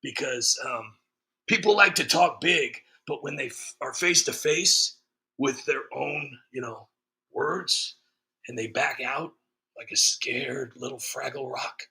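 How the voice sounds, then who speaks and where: Brief: male streamer host, casual sarcastic rant, gravelly and very forceful voice. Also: medium pitch, slow. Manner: sarcastic, joking, frequent fillers. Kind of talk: casual ranting monologue.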